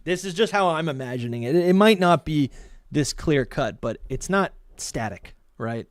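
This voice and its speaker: An excitable man chats on a podcast, tripping over his words and starting again. His voice sits somewhat high. The sound is dry and close, with no room around it. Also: normal speed, no room sound. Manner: excitable, stumbles and restarts, reads entries aloud. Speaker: podcast co-host. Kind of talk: casual chat, reading Pokédex entries aloud.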